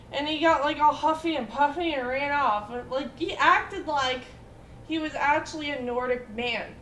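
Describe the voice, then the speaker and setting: Woman, twenties, high voice, chatty animated storytelling, echoey room. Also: normal speed, slight background noise. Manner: animated storytelling with many fillers and quoted voices. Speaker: storyteller in casual chat. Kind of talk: casual chat.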